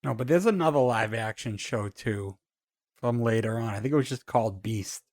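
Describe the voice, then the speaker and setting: A man with a mid-pitched voice makes understated, contrarian comments during a casual podcast chat. His delivery is flat and matter-of-fact, recorded close and dry. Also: normal speed, dry recording. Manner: dry, low-key, contrarian remarks. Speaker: podcast co-host.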